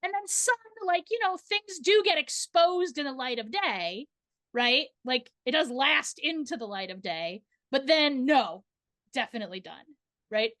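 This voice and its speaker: A woman's voice: sits high, expressive, a little slow, fairly bright tone, dry recording. A woman teaching tarot in a casual class discussion, chatty, filling her talk with "like" and checking in with "right?". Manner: chatty, fillers of "like" and tag questions "right?".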